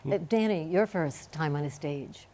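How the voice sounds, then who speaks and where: A woman hosts a television interview in a studio, her voice a little low for a woman. She asks short, friendly questions and listens attentively, murmuring agreement often. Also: normal speed, mellow. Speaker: host.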